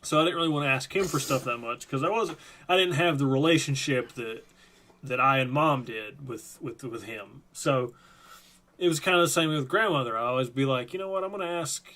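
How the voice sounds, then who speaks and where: A man's voice: mid-range voice, normal speed, sharp tone. A man hosting a live stream, telling a rambling, profane story in a casual chat. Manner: rambling, profane, lots of fillers.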